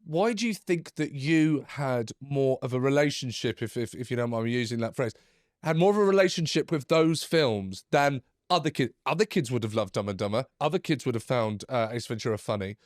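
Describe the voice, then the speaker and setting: A man's voice: mid-range voice, animated, brisk, dry recording, clean studio sound. A male podcast host who laughs often and asks probing questions in a casual interview.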